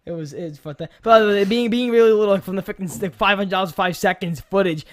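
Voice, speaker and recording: Young new dude, pretty high voice, rambles and swears, does loud voices for people in his stories. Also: fast. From New York. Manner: rambling storyteller, swears a lot, acts out quotes loudly. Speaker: podcast co-host, YouTuber. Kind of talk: casual chat.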